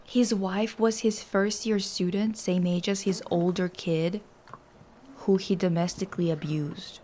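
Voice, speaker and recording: A woman's voice: medium pitch, unhurried, a little hiss or hum. Young woman streamer, blunt and foul-mouthed, mid-range voice, casual chat. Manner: blunt, swearing, animated reactions. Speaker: streamer host.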